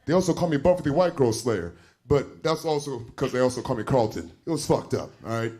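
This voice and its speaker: Rich: A man hosting a live comedy night. His pitch swings widely as he jokes and hypes the crowd in animated, profane banter. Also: fairly quick. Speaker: host and comedian. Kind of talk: stand-up hosting.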